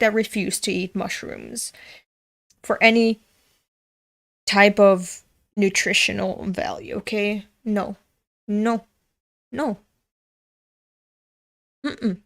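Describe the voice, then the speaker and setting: A woman host chatting casually during a manga read-along, rambling off on tangents, swearing freely and talking to her viewers. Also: a little high. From Europe. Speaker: manga reader and channel host.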